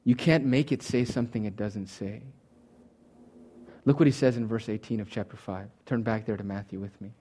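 A man's voice: fairly low pitch, fairly even intonation, moderate pace, warm tone. A man preaching a sermon, teaching from Greek words with emphatic, swinging delivery and touches of humor. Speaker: pastor.

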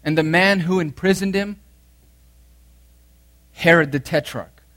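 Guy preaching a sermon, kinda high voice, earnest, goes loud then drops real quiet, repeats stuff for emphasis. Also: unhurried. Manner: reads scripture aloud and repeats key phrases. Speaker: pastor.

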